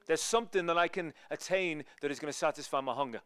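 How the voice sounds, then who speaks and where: A man preaches as a guest speaker, his voice a little high and smooth. He tells his stories with lots of energy and acts out the people in them. The sound is dry and close. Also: fast talker, sharp tone, no room sound. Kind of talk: storytelling sermon.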